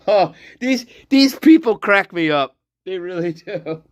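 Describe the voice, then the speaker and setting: A man's voice: high voice, animated, slow, no room sound. Profane, scornful man ranting on a livestream. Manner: frequent laughter, trailing off into mutters. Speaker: livestream host. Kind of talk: livestream commentary reading chat.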